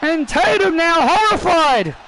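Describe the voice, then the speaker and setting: A man calling a wrestling video game match in an unusually high, bright voice. He talks slowly, stumbling over and repeating phrases, and breaks into shouts at big moments. A faint hiss of noise sits behind him. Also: sing-song. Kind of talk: excited play-by-play commentary.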